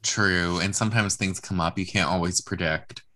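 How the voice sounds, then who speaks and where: A man's voice: low-pitched, fairly even intonation, bright, forceful tone, a little hiss or hum. Playful young man co-hosting a podcast. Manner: playful, teasing, quick to laugh. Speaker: podcast co-host. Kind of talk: casual chat.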